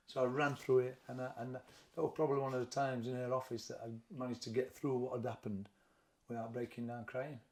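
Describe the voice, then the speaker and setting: A middle-aged man with a broad Sheffield accent speaks in a gravelly, mid-pitched voice. He talks plainly and haltingly, doubling back and repeating words as he recounts his story in an interview. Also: fairly even intonation. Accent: Sheffield, Yorkshire. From England. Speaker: boxing trainer, interview guest. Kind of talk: candid personal interview.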